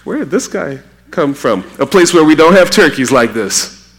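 A man from Trinidad preaching a sermon, animated and acting out quotes with a raised voice. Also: a little high, moderate pace.

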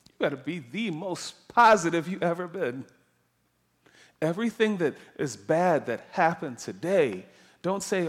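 A man preaching a sermon, emphatic and animated, dropping soft and then rising loud. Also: fairly high pitch, a little slow, breathy edge.

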